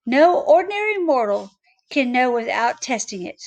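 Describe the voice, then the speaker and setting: A woman voicing a temperamental, mustached male number devil who lectures boastfully and is quick to shout. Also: sits high, very animated, heavily acted.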